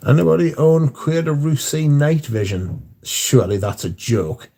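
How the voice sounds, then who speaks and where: A man's voice: a little high, expressive, moderate pace, warm tone, dry recording. A man, hosting a livestream in casual chat, reading viewer comments in a rambling, profane, wry way. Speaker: livestream host.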